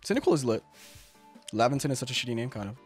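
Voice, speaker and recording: A man's voice: medium pitch, very animated, racing, soft background music. A young man streaming a game, talking in casual, slangy, joking commentary. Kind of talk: let's-play commentary.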